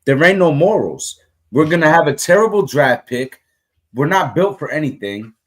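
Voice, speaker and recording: Ranting man talking sports, fairly high voice. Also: big pitch swings, moderate pace, a bit bright. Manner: heated, repetitive ranting with many restarts. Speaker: podcast co-host. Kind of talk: casual sports talk.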